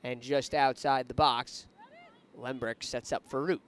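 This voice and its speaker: A man's voice: medium pitch, measured pace. Man calling a soccer match live. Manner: rising excitement on attacking plays. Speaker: play-by-play commentator.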